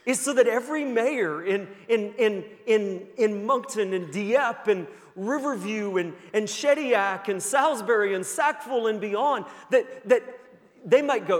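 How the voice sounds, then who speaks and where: Earnest high-voiced preacher in a reverberant church. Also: male voice, lively intonation, measured pace. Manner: earnest, builds to emphatic peaks. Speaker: pastor. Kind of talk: sermon with storytelling. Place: church sanctuary. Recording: long church-hall reverb.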